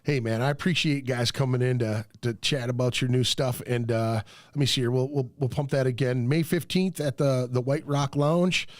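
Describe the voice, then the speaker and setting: A man's voice: medium pitch, fairly even intonation, moderate pace, no room sound. A man in his fifties hosting a podcast, swearing freely and telling stories with laughs in casual chat. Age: 50s. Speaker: podcast host. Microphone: studio mic.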